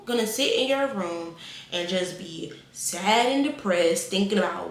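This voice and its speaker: A woman in her twenties giving casual life advice, animated and repeating phrases for emphasis. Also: medium pitch, unhurried, roomy sound. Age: 20s.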